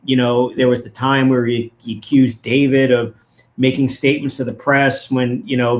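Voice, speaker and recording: A man, a lawyer, giving legal analysis as a guest in a casual interview, arguing his points emphatically and with indignation. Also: medium pitch.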